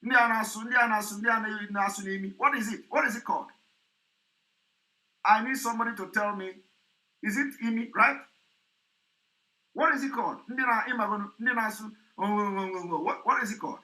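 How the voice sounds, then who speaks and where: Male commentator, high and tense, mocking and repetitive. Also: fairly quick, long pauses, bright, forceful tone, poor audio. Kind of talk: commentary vlog.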